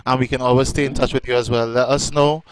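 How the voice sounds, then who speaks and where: A man hosting a live show, chatty, effusive and quick to laugh. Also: medium pitch, steady tone, smooth. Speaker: host.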